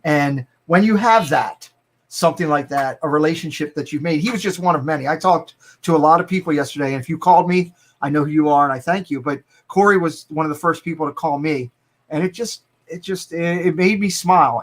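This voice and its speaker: A middle-aged man with a Baltimore accent, a guest speaking earnestly and warmly in casual live-stream chat, often repeating words as he goes. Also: fairly high pitch, brisk.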